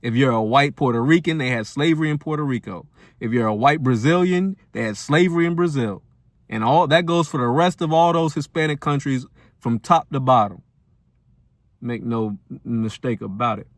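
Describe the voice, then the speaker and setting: A man's voice: medium pitch, moderate pace, dry recording, clean studio sound. A man hosting a commentary channel, delivering a firm, preachy reaction rant. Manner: firm, preachy, building emphasis.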